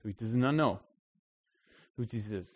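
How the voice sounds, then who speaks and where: A man's voice: fairly low pitch, moderate pace, breathy edge. A man preaching a sermon at a church service in a conversational, emphatic way, reading scripture and then explaining it. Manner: conversational preaching, emphatic, acts out the people in the story. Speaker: pastor.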